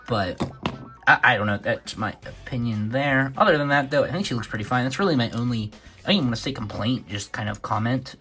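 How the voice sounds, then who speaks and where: A man's voice: medium pitch, a bit bright. A young man giving a casual toy review, rambling a little with many fillers and corrections of himself.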